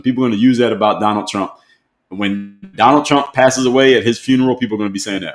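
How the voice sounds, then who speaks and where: Low-voiced man talking live in a roomy room. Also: rapid-fire. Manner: conversational, repeats rhetorical questions. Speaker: host. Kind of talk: live stream commentary reading viewer comments. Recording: roomy echo.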